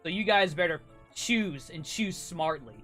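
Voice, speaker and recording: A man's voice: high-pitched, measured pace, sharp tone, faint music behind. A man voicing a stern male militia chief in a tabletop game, speaking in curt warnings.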